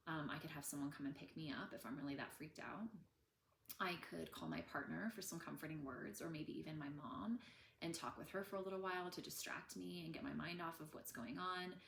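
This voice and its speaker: A woman in her thirties teaching about healing trauma in a gentle, conversational way, with many fillers. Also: sits low, moderate pace, gravelly, reverberant, slight background noise. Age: 30s. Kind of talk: casual teaching talk.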